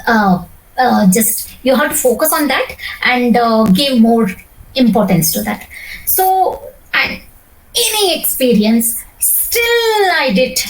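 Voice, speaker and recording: A woman's voice: high-pitched, far from the mic, poor audio. A middle-aged woman, coaching a student one-on-one for job interviews, explaining at length with many fillers and restarts.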